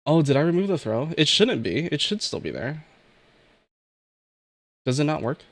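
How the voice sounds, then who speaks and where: A man's voice: a little high, very animated, moderate pace. A man streaming as a VTuber, teary and emotional, swearing casually and laughing often as he chats with viewers. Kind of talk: casual livestream chat, reading chat messages.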